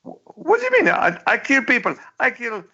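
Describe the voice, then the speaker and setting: A man squeaking out a shrill ranting dictator. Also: wildly swooping pitch, moderate pace, pushed and bright, husky, highs cut off, full character voice. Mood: indignant. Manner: indignant, broken pidgin phrasing.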